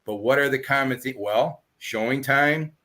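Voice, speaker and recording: A man's voice: mid-range voice, moderate pace, sharp tone. Guy talking shop, acts out his phone calls, tells it like a story. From southern United States. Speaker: guest real estate agent. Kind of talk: explaining sales methods in a podcast talk.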